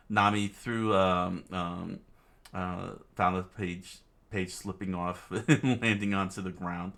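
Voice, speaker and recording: Low slow guy reading a comic out loud, lots of ums and asides. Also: little pitch movement, gravelly. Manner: rambling, full of fillers and asides. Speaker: comic reader. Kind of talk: casual read-along narration.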